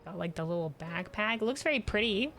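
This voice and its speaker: A woman's voice: mid-range voice, lively intonation, brisk, a bit bright, faint music behind. A woman streaming a game, talking casually and rambling, self-deprecating and reading chat messages aloud.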